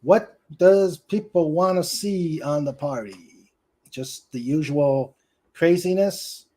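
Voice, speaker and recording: Host, male, New England accent, raised pitch, slow, jokey delivery. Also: a little mellow. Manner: joking, unhurried, laughs often. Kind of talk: casual web show chat.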